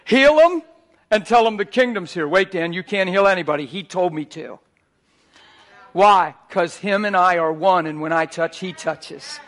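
A man with a high, bright voice preaches. He swings from hushed, intimate asides to fervent, ringing near shouts as he drives each point home. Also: a little slow. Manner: animated, rising to near shouts. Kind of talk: sermon.

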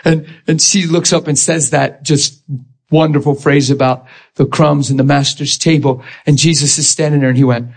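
A man preaching a sermon, emotional and vivid, acting out scripture scenes and laughing often. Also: on the high side.

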